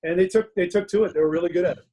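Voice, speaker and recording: A man's voice: high voice, racing, dark tone, low-quality recording. A middle-aged man in a casual interview as a guest author, telling self-mocking stories from his home den and laughing through them.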